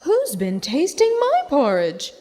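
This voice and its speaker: A woman voicing a mother bear who asks and screams in a shrill voice in a storybook reading. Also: wildly swooping pitch, takes it slowly, dark tone, full character voice.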